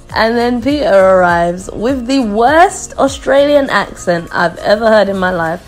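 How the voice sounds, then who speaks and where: A woman casually recapping a TV episode, chatty and quick to laugh, mimicking the people she quotes. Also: mid-range voice, animated, soft background music. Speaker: vlogger reviewing a TV show.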